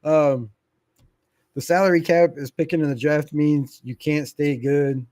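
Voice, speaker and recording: Hosting a relaxed sports fan livestream, this middle-aged man reads out viewer comments, laughs a lot and swears without hesitation. He speaks a little slowly in a fairly high, slightly mellow voice with fairly even intonation, and the recording is dry.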